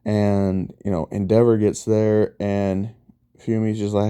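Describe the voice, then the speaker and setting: Slow, dark-voiced man rambling through a story. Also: fairly low pitch, little pitch movement, clean tone. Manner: rambling, filler-heavy retelling. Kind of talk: casual fan-story narration.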